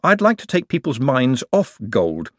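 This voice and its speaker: A man's voice: mid-range voice, huge pitch swings, a little slow, no room sound, studio quality, pitched above the performer's own voice. A man reading an audiobook, voicing a hesitant, dryly ironic young man. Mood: uneasy, wry.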